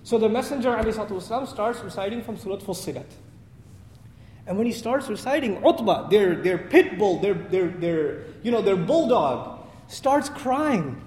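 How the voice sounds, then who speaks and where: A man preaching a sermon in a mosque, telling a story with lively acted dialogue and chuckling at his own lines. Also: high voice, quick pace. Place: mosque prayer hall. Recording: echoey hall with faint noise.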